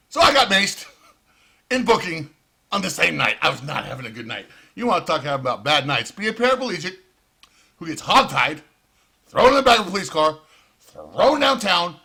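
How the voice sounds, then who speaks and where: Man ranting, high forceful voice. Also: sing-song, moderate pace, gravelly, pauses often, husky. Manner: profane and heated, sarcastic outbursts. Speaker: vlogger. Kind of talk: ranting commentary.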